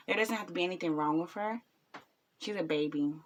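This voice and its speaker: A woman's voice: lowish voice, fairly quick, slight background noise. A woman in her twenties, a new mother, talking bluntly and rambling with lots of ums in a casual reaction vlog. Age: 20s.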